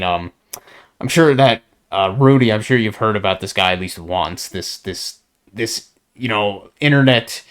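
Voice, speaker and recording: A man's voice: fairly low pitch, a bit bright, clean tone. A young man with a profane, meandering way of talking, stopping and restarting often in a casual solo monologue. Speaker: solo podcaster. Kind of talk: rambling monologue.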